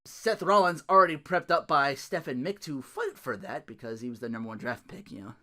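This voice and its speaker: A man hosts a solo recap podcast with a medium-pitched voice and a brisk pace. He rants animatedly, laughs often and swears freely.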